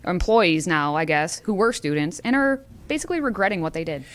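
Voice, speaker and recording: A woman's voice: fairly low pitch, big pitch swings, a little fast, fairly bright tone, clear, resonant tone. A woman co-hosting a political talk show, recounting stories with wry sarcasm.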